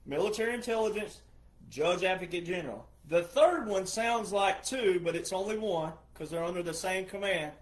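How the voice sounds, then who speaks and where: A man's voice: high voice, normal speed. A man who is a retired veteran, giving an emphatic monologue full of repetition and rhetorical questions. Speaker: retired military veteran commentator.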